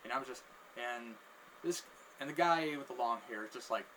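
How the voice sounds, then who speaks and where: A man's voice: mid-range voice, normal speed, sharp tone, a little hiss or hum, rough recording. A man telling a casual anecdote who rambles, restarts his sentences often, and loops through "and then" phrases. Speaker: storyteller.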